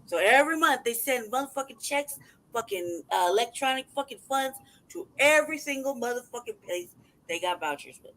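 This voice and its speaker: A man's voice: extremely high pitch, lively intonation, brisk, sharp tone, rough recording. A man hosting a casual livestream who talks in a heated, profane way and reads paperwork aloud in a mocking tone. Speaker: livestream host.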